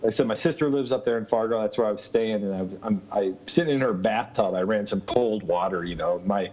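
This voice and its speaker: A man's voice: lowish voice, fast, darkish tone. A man telling a long personal story in casual talk, laughing often and full of fillers. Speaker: interview guest. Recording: muffled lo-fi sound.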